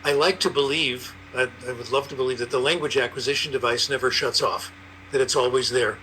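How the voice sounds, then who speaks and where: Bright-voiced older man telling stories. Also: mid-range voice, a little fast, a little hiss or hum, rough recording. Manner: anecdotal, lively storyteller. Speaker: panelist, language researcher. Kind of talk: conversational explanation.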